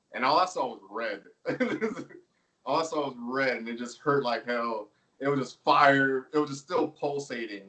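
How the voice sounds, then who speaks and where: Laid-back wrestler telling stories, slightly distant. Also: male voice, medium pitch, a bit bright. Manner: laid-back storytelling, laughs often, filler words. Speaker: pro wrestler guest. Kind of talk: casual interview chat.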